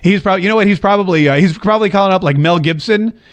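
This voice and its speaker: Joking male politics vlogger, slightly high. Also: rapid-fire. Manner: animated, jokey, drawls when quoting. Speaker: host. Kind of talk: casual political commentary. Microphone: talking to a camera.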